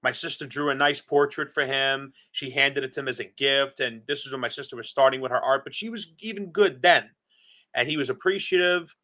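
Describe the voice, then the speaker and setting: A man's voice: mid-range voice, a little fast, bright, forceful tone. A man from Staten Island, co-hosting a podcast and telling stories earnestly and with enthusiasm. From Staten Island, New York. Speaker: podcast co-host. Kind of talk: casual chat.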